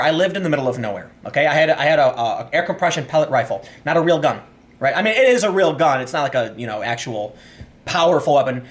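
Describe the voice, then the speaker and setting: A man talking through political commentary in a fairly high, lively voice that swings up and down as he rants. His delivery is sarcastic, and he often trips over his words, repeating them before pushing on. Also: fast talker. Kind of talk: casual commentary.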